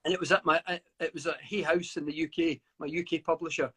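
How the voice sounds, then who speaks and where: A man's voice: a little high, fairly even intonation, quick pace, a bit bright, husky. A middle-aged man from the UK, a guest author reflecting at length in an interview, often stammering and restarting. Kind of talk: interview over a live video call.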